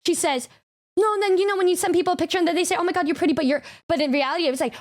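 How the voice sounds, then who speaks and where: A woman's voice: extremely high pitch, racing. A woman streamer reacting to a clip, stammering, incredulous and casually profane. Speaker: VTuber streamer.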